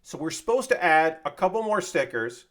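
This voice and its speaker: Man, slightly higher pitch, casual livestream chatter, rambling asides, thanks viewers by name. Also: sing-song, normal speed, fairly bright tone. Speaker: streamer building model kits.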